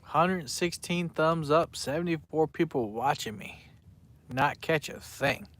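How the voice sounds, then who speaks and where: A man's voice: a little high, measured pace, a bit bright. A man, chatting casually on a fishing live stream and reading out viewers' names in a rambling way. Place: outdoors by the water at night.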